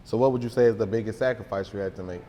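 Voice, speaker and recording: A man interviewing a guest, asking questions in a relaxed, conversational way. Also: lowish voice, racing, in a large hall, a little hiss or hum. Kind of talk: casual interview.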